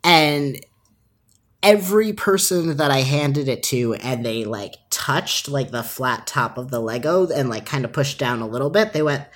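A woman with a strikingly low, husky voice tells a story on a casual podcast. She is animated and laughs often, slipping into quick voiced-out quotes of other people. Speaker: podcast co-host.

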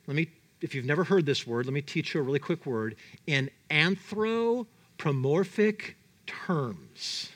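A man preaching a sermon, animated and dramatic, his delivery full of emphatic rises and drops. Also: on the high side, measured pace. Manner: animated, dramatic, voices God and Jonah in quotes.

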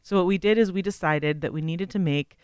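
Male co-host, high, smooth voice, earnest and wry, dry sound. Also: a little fast, a little mellow, no echo. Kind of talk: casual Christian podcast discussion.

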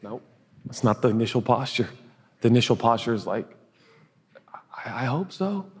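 A pastor preaching a sermon in an earnest, conversational way, now and then dropping to a hush. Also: male voice, lowish voice, big-room sound. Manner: earnest, conversational preaching with sudden hushed asides. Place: large auditorium.

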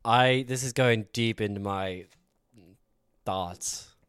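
Halting young man with a smooth voice. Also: on the low side, a bit bright. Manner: halting, filler-heavy. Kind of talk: casual chat.

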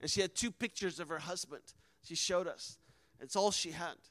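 High-voiced man telling an earnest testimony. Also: normal speed, a bit bright, no room sound, poor audio. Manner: earnest, emotional, acts out quoted dialogue. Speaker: missionary speaker. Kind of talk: personal testimony storytelling.

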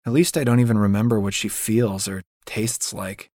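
Low-voiced man narrating an audiobook. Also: steady tone, normal speed, a little mellow, dry recording, studio quality. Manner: wry, self-mocking storytelling. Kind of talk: first-person audiobook narration.

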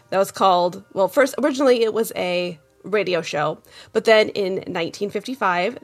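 A woman's voice: mid-range voice, vocal fry. A woman co-hosting a podcast in casual chat, chatty and laughing often. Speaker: podcast co-host.

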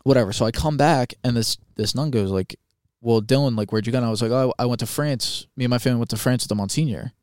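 A young man co-hosting a podcast, telling a story in a casual, animated, swearing way and acting out quoted voices. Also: mid-range voice, fast, dry recording, clean studio sound. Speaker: podcast co-host.

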